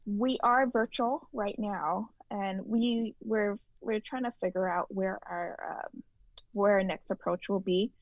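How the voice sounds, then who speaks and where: A woman's voice: mid-range voice, fairly even intonation, measured pace, no echo. A woman from Arizona, a guest actress, chatting casually, giggly and hesitant, often stammering. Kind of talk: casual interview chat. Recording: muffled phone line.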